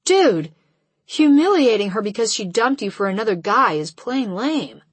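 A woman's voice: a little high, big pitch swings, moderate pace, breathy edge, dry recording. A woman reading a loyal teenage boy who stands up for a friend in a casual, firm way. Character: loyal teenage boy, protective and laid-back.

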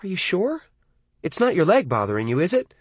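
Man doing a high fussing mom voice, husky, doting and anxious, storybook reading. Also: wildly swooping pitch, a little fast, dry recording, exaggerated voice. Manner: anxious, questioning, motherly. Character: fussing middle-aged mother, doting and worried. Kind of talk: audiobook character voice.

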